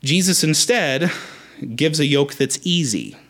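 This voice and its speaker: This pastor, a young adult man, preaches unhurriedly in a voice that runs a little high. His sermon is animated and emphatic, full of repeated rallying phrases.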